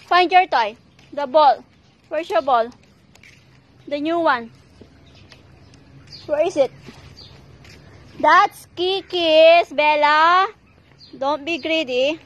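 A woman talking to her pet dogs, giving slow commands and coaxing and scolding them in pet-talk. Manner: high excited pet-talk when urging. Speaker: vlogger and dog owner.

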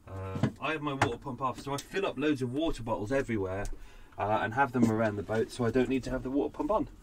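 A man's voice: mid-range voice, background noise. A man hosting an unscripted podcast segment from his boat, chatty, rambling and self-mocking. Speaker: podcast host. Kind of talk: casual unscripted chat. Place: narrowboat cabin.

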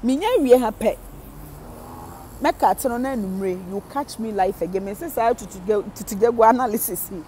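A woman with a Ghanaian accent giving casual gossip commentary, animated, switching between Twi and English and laughing often. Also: on the high side, fairly quick, slight background noise. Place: living in Germany.

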